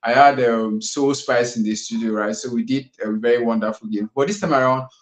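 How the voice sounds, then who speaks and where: A man's voice: medium pitch, fairly quick, echoey room, rough recording. A man hosting a live session in a studio, chatty and casual, with lots of fillers and frequent laughter. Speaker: host of a live kids' finance session.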